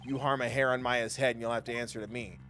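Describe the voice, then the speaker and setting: A man's voice: medium pitch, fairly even intonation, fast, pushed and bright, soft background music, close to an everyday voice. A man voicing an earnest male defense attorney with dry, wry delivery.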